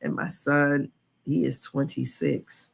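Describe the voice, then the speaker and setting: A woman's voice: sits low, steady tone, slow, creaky, slightly rough. A woman in her fifties hosting a casual live stream, chatty and candid, laughing often as she talks. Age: 50s. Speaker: podcast host.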